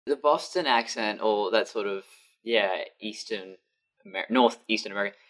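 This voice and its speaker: A woman, a podcast guest, chatting animatedly with quick asides and frequent laughs. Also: extremely low pitch. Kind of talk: casual chat.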